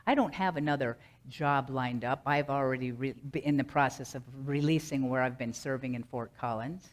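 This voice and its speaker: A middle-aged woman minister giving a sermon, earnest and rhythmic, slowly repeating a mantra. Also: a bass voice.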